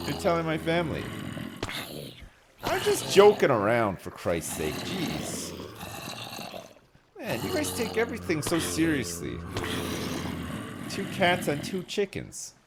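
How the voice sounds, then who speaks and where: A man streaming a game live, chatting casually with viewers, joking, swearing and telling stories with animated energy. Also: on the high side, background noise. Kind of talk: casual live-stream chat while gaming.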